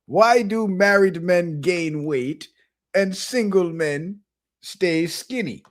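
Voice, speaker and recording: A man's voice: sits high, slow, pitched above the performer's own voice. A man voicing a laid-back male monkey talk-show host with a put-on Jamaican accent, asking questions. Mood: questioning. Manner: curious, asks questions.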